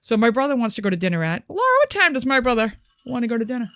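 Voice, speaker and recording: A woman, co-hosting a podcast and telling animated, profane stories full of acted-out quotes. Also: a little high, rapid-fire, no room sound, clean studio sound. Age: 50s. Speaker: podcast co-host. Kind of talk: casual chat.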